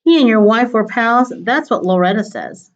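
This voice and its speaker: A woman's voice: fairly high pitch, animated, muffled recording, close to an everyday voice. A woman reading a nervous, shifty bearded crook. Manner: nervous, fast-talking.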